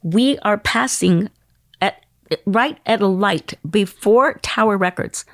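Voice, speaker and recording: A woman in her sixties, a podcast guest telling a long story in an animated way, acting out the voices of the people in it. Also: medium pitch, slow, dry recording, clean studio sound. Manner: animated, acts out quoted voices.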